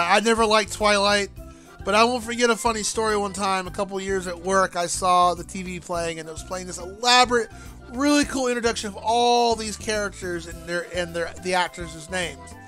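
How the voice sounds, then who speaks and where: A man's voice: high voice, sharp tone. A man streaming a game and chatting casually, rambling and joking with frequent restarts. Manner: rambling, jokey, halting restarts. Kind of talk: casual gameplay commentary. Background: faint game music.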